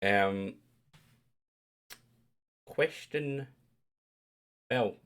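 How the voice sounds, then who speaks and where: A man's voice: mid-range voice, extremely slow, fairly bright tone. A Scottish man casually hosting a live-stream quiz, chatty and jokey as he reads out questions. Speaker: quiz host.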